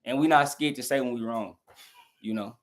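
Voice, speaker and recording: A young southern man, medium in pitch and moderate in pace, argues hotly on a live stream with his chat. He carries a Southern American accent from the southern United States, speaks right to the chat, and ridicules their answers.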